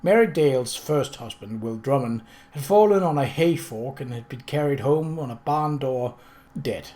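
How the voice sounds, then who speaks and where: Man with a steady, measured reading voice. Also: mid-range voice. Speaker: audiobook narrator. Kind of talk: audiobook reading.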